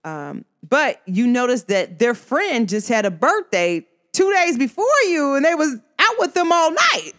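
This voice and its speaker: A woman rants to her audience in a casual, conversational monologue. She talks in an emphatic, slangy way and speaks straight to the listener. Her pitch swings widely as she makes her points. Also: sing-song, measured pace, few pauses, fairly bright tone. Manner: emphatic, slangy and conversational, addresses viewers directly. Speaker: vlogger.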